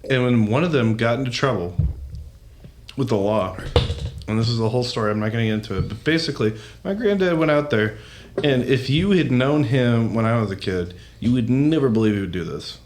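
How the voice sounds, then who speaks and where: Animated man telling stories. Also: mid-range voice, fairly quick, slight background noise. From American South. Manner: animated, profane storyteller. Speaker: podcast co-host. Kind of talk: casual studio chat. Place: marketing studio.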